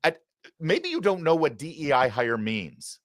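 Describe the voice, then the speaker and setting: A man's voice: a little high, wildly swooping pitch, a little slow, no room sound, studio quality. A man hosting a political commentary show, talking in a sarcastic, mocking way. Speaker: show host.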